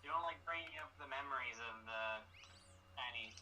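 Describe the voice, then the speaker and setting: A man's voice: mid-range voice, fairly quick, sharp tone, distant mic, faint music behind. A man casually playing a game with friends over voice chat, announcing the challenges and counting down the starts. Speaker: player running the challenges. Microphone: on mobile data connection.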